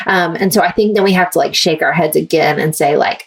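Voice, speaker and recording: A woman's voice: sits low, a little fast, vocal fry, few pauses, husky, recorded from a distance. A woman author, a guest in an interview, giving earnest, thoughtful answers with frequent fillers.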